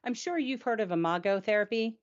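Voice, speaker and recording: A woman's voice: fairly high pitch, lively intonation, fairly quick. Reflective woman, muffled call audio. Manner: reflective, talks at length with frequent "right?" and "you know". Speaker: co-host of a patient support show. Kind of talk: candid conversational chat.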